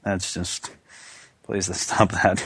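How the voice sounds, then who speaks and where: A man with a very low voice trades playful jabs as a podcast co-host. He sounds mock-indignant and teasing. The sound is dry and close. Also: flat delivery, very slow, gravelly, fairly bright tone, slightly rough, dry recording. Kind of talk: casual chat.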